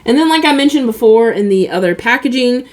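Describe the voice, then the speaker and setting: A woman with a somewhat high voice talks casually through an unboxing. She is laid-back and candid, often padding her sentences with "like" and "um". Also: expressive, a little fast. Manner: chatty, many fillers like "like" and "um". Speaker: toy unboxing vlogger.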